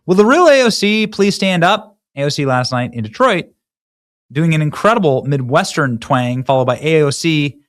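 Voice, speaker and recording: A man from Iowa hosts a commentary show, his pitch jumping around a lot as he mocks and riffs. He talks loosely, restarting sentences, with a sarcastic edge. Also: animated, normal speed. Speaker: host. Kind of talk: mocking political commentary.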